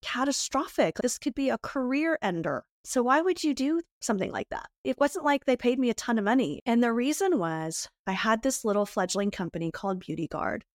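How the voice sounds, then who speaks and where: A middle-aged woman tells her stories with lively, swooping pitch and a quick, animated delivery. The recording is close and dry, with no room sound. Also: dry recording. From United States. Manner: lively, animated storytelling with frequent laughter. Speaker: guest, beauty entrepreneur. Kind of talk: candid storytelling in a podcast interview.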